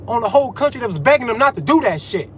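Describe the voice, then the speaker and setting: A man's voice: extremely high pitch, very animated, racing, fairly bright tone, slight background noise, low-quality recording. A man giving a profane, confrontational rant as a vlogger. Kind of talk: ranting monologue.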